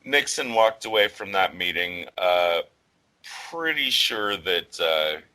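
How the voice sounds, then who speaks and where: Guy on a podcast, kinda low voice but bright, rambles with lots of likes and uhs. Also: expressive, slow, low-quality recording. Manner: rambling, filler-heavy, swears casually. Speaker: podcast co-host. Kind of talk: casual podcast discussion.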